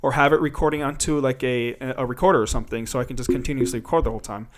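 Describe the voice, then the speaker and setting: A man's voice: mid-range voice, rapid-fire. A young man co-hosting a casual podcast chat, rambling with many fillers and telling stories with animation.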